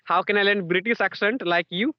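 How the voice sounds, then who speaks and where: A man's voice: high-pitched, brisk, no echo, dull audio. A man interviewing in casual conversation practice, repeating himself and filling gaps with "you know" and "yes, yes".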